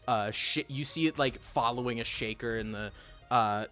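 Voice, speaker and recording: A man's voice: medium pitch, normal speed, bright, forceful tone, faint music behind. A man narrating as game master for a tabletop game, rambling with many fillers and restarts.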